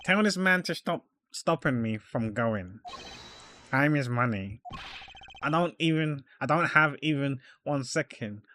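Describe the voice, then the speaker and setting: A man's voice: mid-range voice, animated, measured pace, pushed and bright, a little hiss or hum. A man voicing an impatient middle-aged businessman in a game, curt and haughty.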